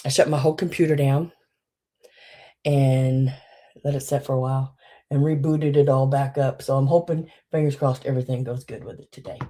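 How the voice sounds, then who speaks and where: A woman with a rumbling low, steady voice hosts a live vintage sale stream at normal speed. She chats in a folksy, casual way, greets viewers by name, and drops into soft muttered asides.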